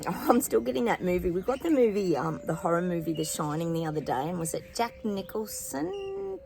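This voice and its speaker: A woman's voice: lowish voice, very animated, brisk, vocal fry, noisy background. A woman hosting a psychic channel, chatting casually to her viewers with fillers and rambling asides. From New Zealand. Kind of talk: casual spoken predictions to viewers. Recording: music playing behind.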